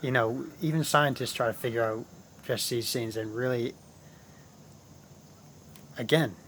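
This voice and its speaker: Speaking a touch slowly in a somewhat bright, medium-pitched voice, a man runs his own channel with slight background noise behind him. He talks casually and at length on spiritual topics, rambling, repeating himself, and addressing viewers as "guys."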